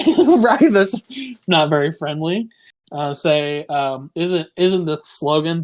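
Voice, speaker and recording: Here a young man co-hosting a podcast spins a lengthy, meandering tale at a slow pace. His voice is fairly high and animated, and the casual telling is crammed with "like" and plenty of swearing.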